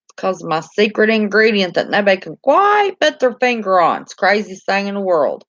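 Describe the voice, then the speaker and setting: A woman's voice: mid-range voice, big pitch swings, normal speed, fairly bright tone, no echo, dull audio. A woman with a Southern American accent chatting casually on a live stream, reading and answering viewer comments in a homey, talkative way and laughing easily. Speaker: channel host reading live chat.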